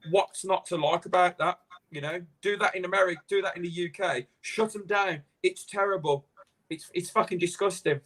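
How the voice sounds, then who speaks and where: A man's voice: high voice, moderate pace, a bit bright. A man hosting a live stream, ranting animatedly in casual chat and swearing freely. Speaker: host.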